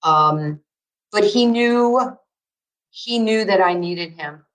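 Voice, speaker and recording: A woman, telling a story as a guest in an interview, emphatic and excitable and laughing through her words. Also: medium pitch, slow, low-quality recording. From New York. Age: 60s. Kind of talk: animated storytelling in a podcast interview.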